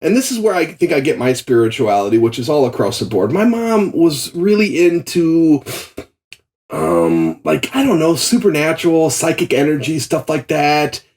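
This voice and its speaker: A man's voice: a little high, normal speed. A man, a comedian guest, telling stories in casual podcast chat and laughing often. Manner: animated storytelling, laughs often.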